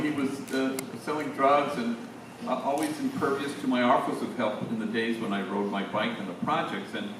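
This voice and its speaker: A man in his sixties, a priest, telling stories to a room of teachers in a relaxed, conversational way with slangy asides. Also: mid-range voice, noisy background. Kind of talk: storytelling talk to teachers. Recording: echoey hall, distant mic.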